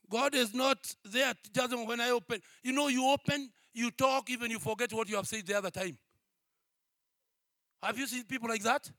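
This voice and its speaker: A man, a pastor, preaching a sermon that moves from quiet storytelling to shouted exhortation, repeating phrases and calling out to his congregation. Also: high-pitched, no echo, studio quality. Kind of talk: preaching a sermon with a personal testimony.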